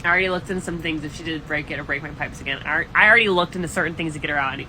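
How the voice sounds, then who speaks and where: Woman landlord vlogging, bright, animated storyteller; faint room noise behind. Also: deep voice, rapid-fire, low-quality recording. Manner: animated, exasperated, gossipy. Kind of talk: casual storytime vlog.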